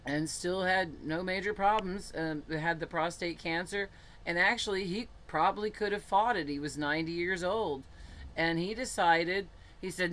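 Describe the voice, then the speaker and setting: A woman's voice: lowish voice, moderate pace, fairly bright tone. A woman telling a personal story in a frank, chatty way, laughing often and swearing casually.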